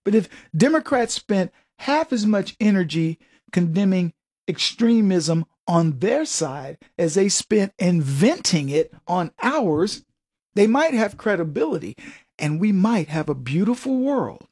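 A man's voice: high voice, sing-song, a little slow, a little mellow. A man hosting a radio talk show, giving an emphatic, sarcastic political monologue and laughing at his own jokes.

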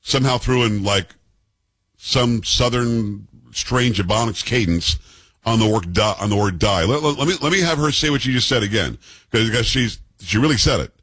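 A man's voice: fairly low pitch, moderate pace, a bit bright, slightly rough, no room sound. A man in his fifties hosting a political commentary show, combative and sarcastic, firing off rhetorical questions. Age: 50s.

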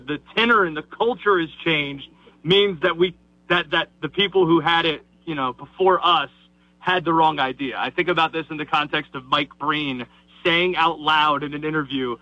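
Male radio guest calling in from the car, high and sharp tone, emphatic ranting take, muffled dry line. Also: dry recording. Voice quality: raspy in the morning. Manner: emphatic, ranting, repeats himself. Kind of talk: sports talk radio opinion. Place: driving in a car.

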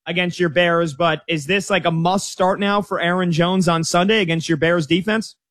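A man's voice: sits high, steady tone, normal speed, fairly bright tone, dry recording, studio quality. A man co-hosting a sports betting radio show, joking and bantering casually. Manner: jokey, playful.

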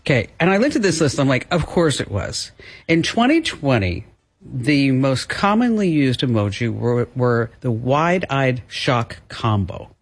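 A man's voice: mid-range voice, sing-song, unhurried. A man hosting a talk radio show, chatting casually, laughing often and quizzing his co-host. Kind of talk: casual radio chat with an ad read.

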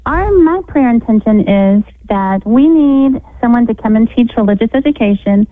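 A woman's voice: a little high, expressive, moderate pace, no room sound. Woman caller from Texas on a tinny phone line, friendly and eager, dry sound. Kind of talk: phone call to radio show.

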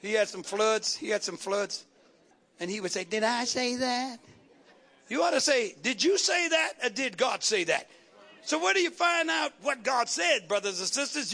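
A man's voice: very high-pitched, creaky, pushed and bright. A man preaching a fervent sermon, calling out to the congregation and asking for responses.

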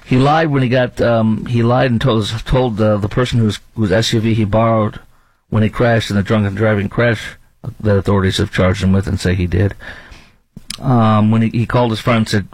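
A man's voice: fairly low pitch, fairly even intonation, fairly quick, dry recording, rough recording. A man hosting talk radio, delivering an indignant, ranting monologue with lots of repetition and fillers.

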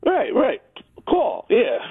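A man's voice: extremely high pitch, huge pitch swings, takes it slowly, no echo. A man calling in to a radio show, rambling and joking, mimicking other people's voices. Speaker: caller. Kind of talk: call-in radio chat. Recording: tinny phone line.

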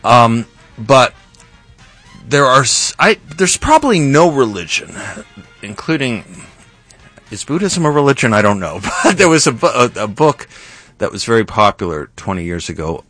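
A man's voice: mid-range voice, very animated, moderate pace, a bit bright, soft background music. A man hosting an interview show, musing aloud in a conversational way with hesitant asides. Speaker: host.

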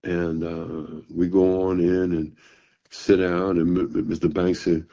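Older male storyteller, husky and gravelly, casual and halting, dull lo-fi sound. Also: sits low, steady tone, mellow. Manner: halting, with fillers and repeated words. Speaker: blues musician telling a story to an interviewer. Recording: dull, muffled recording.

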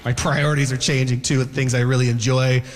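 A man performing a stand-up comedy set, animated and acting out loud shouted voices. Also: mid-range voice, a little fast, long reverb tail. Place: comedy stage with live audience.

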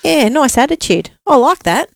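A woman hosting a casual radio chat, chatty and quick to laugh. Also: high-pitched, big pitch swings, vocal fry, no echo. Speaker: radio show host.

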